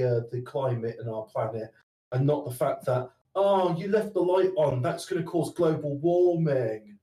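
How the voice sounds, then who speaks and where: A man chatting casually on a stream, rambling with halting restarts. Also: mid-range voice, darkish tone. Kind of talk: casual chat. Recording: roomy, distant mic, faint noise.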